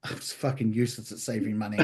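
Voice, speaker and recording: A man's voice: on the low side, level tone, very fast, darkish tone, husky. A man with a New Zealand accent, a chef guest on a podcast, telling candid, profane stories about his past. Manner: candid, profane, vivid anecdotal storytelling. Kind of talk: casual storytelling interview.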